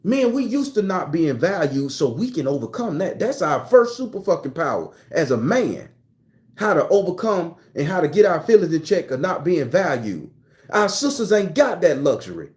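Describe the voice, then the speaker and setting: A man's voice: sits high, darkish tone. An older man delivering an impassioned, profane relationship monologue as a channel host, hammering points home with repetition. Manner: profane, preachy, emphatic repetition. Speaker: tarot reader and channel host.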